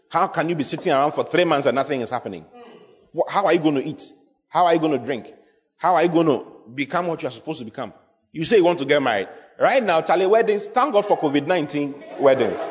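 Emphatic preacher in a reverberant hall. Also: male voice, fairly high pitch, lively intonation, brisk. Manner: emphatic, repeats key phrases, asks the congregation questions. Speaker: pastor. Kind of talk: sermon.

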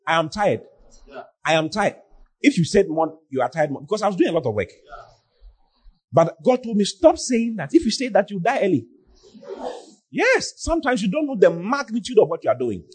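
A man preaching a sermon as pastor, often mimicking his congregants in an animated way. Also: high-pitched, fairly quick, pauses often, slightly rough.

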